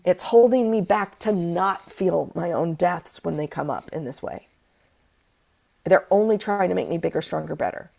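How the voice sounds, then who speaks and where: Gravelly low-voiced woman host, passionate. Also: moderate pace, dark tone. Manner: passionate, swears freely, acts out inner voices. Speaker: podcast host. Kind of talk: casual spiritual conversation.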